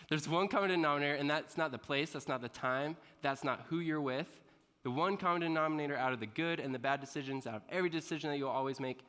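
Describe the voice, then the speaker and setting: Lively, bright-voiced man speaking in a reverberant hall. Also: fairly high pitch, fast. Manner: animated storyteller, quizzes the audience, laughs often. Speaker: motivational speaker. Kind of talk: motivational talk to students. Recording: long reverb in a large hall.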